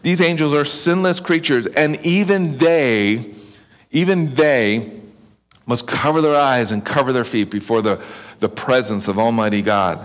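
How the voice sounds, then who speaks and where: A man's voice: medium pitch, normal speed. Male pastor preaching in a reverberant hall. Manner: conversational preaching with repeated restarts and asides. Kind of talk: sermon.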